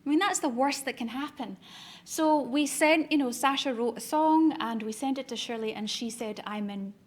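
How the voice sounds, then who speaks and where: A middle-aged woman giving a masterclass talk, telling lively anecdotes and acting out the voices of people she quotes. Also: high voice, moderate pace. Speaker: business speaker.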